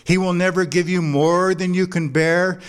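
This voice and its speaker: A man's voice: high voice, fairly even intonation, normal speed, smooth. A man preaching a sermon to a congregation, mixing scripture with jokes and anecdotes in a conversational way. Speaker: pastor. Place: church before a congregation.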